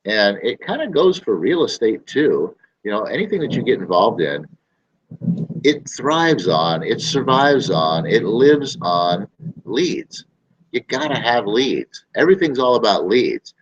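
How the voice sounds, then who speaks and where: A man's voice: fairly low pitch, sing-song, measured pace, husky, highs cut off. A man hosting a casual talk to camera, rambling and emphatic, often repeating his phrases. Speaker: show host.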